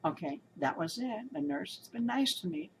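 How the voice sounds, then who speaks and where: A woman's voice: fairly high pitch, sing-song, moderate pace, vocal fry, slight background noise, low-quality recording. A woman giving casual spoken commentary, telling her story in an indignant, emphatic and rambling way. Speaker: commentator recounting a hospital experience.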